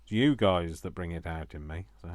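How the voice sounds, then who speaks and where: A man's voice: low voice, normal speed, a little mellow, no room sound. A man chatting to viewers while crafting, joking at his own expense. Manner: self-mocking, jokey asides to viewers. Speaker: craft vlogger.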